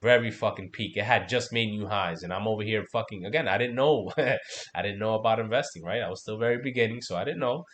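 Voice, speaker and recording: This man's lowish voice is fast and fairly bright in tone. Running a laid-back crypto trading livestream, he swears freely and speaks loosely while reviewing charts, often tossing in "man" and "right?".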